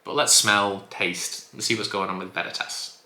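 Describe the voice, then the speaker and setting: Bright-voiced man in echoey room. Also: fairly low pitch, steady tone, moderate pace. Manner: chatty, enthusiastic, self-correcting. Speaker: spirits reviewer. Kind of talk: casual review vlog.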